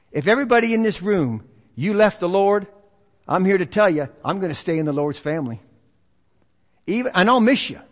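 A middle-aged man preaching a revival sermon in a church, swinging from loud urgent exhortation to hushed earnest tones. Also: high voice. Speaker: visiting preacher. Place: church sanctuary. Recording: long reverb of a church hall.

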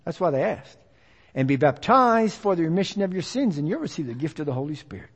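A man's voice: fairly high pitch, big pitch swings, quick pace, husky, long reverb tail. A man preaching a sermon in a church, emphatic and repetitive, building his points as a call and response with the congregation.

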